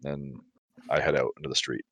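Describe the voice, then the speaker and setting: A man's voice: very deep voice, a little fast, creaky, a bit bright, husky, dry recording. A man playing a barbarian in a tabletop game, talking casually with rambling hesitation and frequent laughs. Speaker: player. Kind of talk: casual tabletop role-play.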